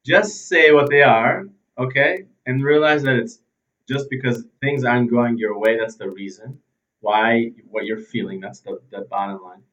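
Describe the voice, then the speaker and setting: A man of ordinary pitch gives a motivational talk to his viewers, animated and a little scattered, sometimes losing his thread. He sounds slightly away from the mic, and the recording is a touch muffled. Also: normal speed. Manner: animated, loses his thread and restarts, swings between loud and quiet. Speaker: host of a self-help video series. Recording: slightly distant, dull sound.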